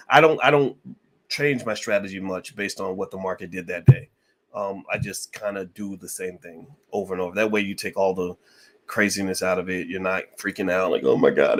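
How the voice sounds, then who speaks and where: A man hosting a podcast, reading viewer questions aloud and answering them in a relaxed, conversational way with lots of fillers. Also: fairly low pitch. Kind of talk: casual live Q&A.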